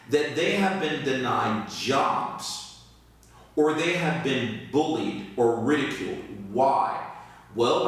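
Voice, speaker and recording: Slow, deliberate man teaching in an echoey room. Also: medium pitch, fairly bright tone. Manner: slow, deliberate, with emphatic pauses. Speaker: English teacher. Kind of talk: talking-head lesson on accent. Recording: echoey room, mic far off.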